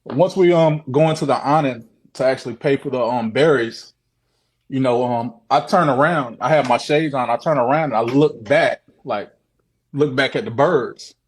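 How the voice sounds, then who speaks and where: A man's voice: mid-range voice, normal speed, husky. A man telling his own story on a video call, casual, profane and repetitive, often acting out what people said. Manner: profane, repetitive, animated retelling. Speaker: guest sharing a sighting.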